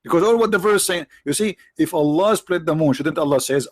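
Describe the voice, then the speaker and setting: A man with non-native English phrasing hosting a livestream, mocking his subject with rhetorical questions, his voice tired and his throat often cleared. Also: fairly high pitch, a little fast, hardly any pauses, dry recording. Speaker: livestream host. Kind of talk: mocking debate commentary.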